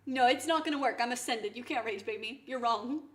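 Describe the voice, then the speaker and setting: A woman streamer chatting casually to her viewers, swinging into loud mock outrage and swearing. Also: on the high side, fairly quick. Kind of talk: casual live-stream chat. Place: home kitchen.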